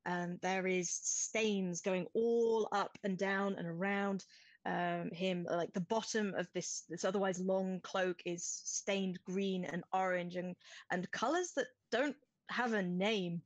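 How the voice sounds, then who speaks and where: A woman's voice: mid-range voice, fairly even intonation, takes it slowly, dry recording, low-quality recording. A woman narrating a tabletop game as game master, describing scenes at length with many restarts.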